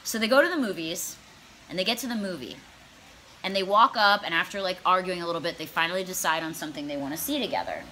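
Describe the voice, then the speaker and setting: A woman's voice: lowish voice, fast talker, bright, forceful tone, a little hiss or hum. A young woman telling a comedic storytime vlog, brash and profane, laughing as she goes. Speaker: comedy vlogger.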